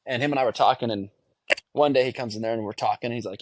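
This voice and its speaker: In a dry recording, a man in his thirties talks at a racing pace with a mid-range, slightly mellow voice. As an interview guest he's earnest and reflective, often restarting phrases in a candid, conversational way.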